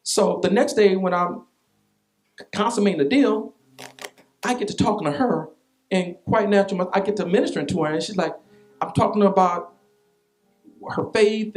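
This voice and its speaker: This high-pitched man is a pastor telling a personal story in his sermon. He's animated and repetitive, and he tosses in vernacular asides.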